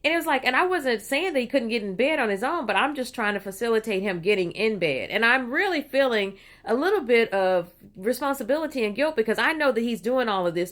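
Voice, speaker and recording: A middle-aged woman telling a personal story in a casual, digressive way, with lots of "you know" and "right?", and putting on voices when she quotes people. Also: a little high. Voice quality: animated, puts on voices when quoting people. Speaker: vlogger.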